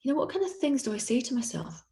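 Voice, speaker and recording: Encouraging woman coach, mellow voice. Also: high voice, expressive, quick pace, creaky, reverberant. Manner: encouraging, conversational with frequent restarts. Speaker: executive coach. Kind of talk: online coaching talk.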